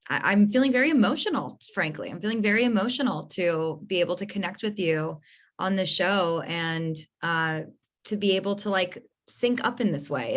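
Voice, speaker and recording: An effusive young woman hosts an astrology podcast, gushing and laughing easily as she chats. Her voice sits a little low for a woman. She talks casually and drops the odd swear. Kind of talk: casual chat.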